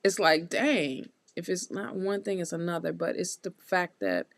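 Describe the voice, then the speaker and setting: A woman giving a live tarot reading, talking straight to her viewers in a warm, encouraging, chatty way with lots of repeats and restarts. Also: on the low side, normal speed, creaky, no room sound. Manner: loose, chatty phrasing with restarts. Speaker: tarot reader hosting a live stream.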